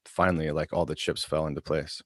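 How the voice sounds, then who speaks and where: A man's voice: extremely low pitch, flat delivery, a little fast, no echo, studio quality. A man chatting casually about gaming in a laid-back, hesitant way.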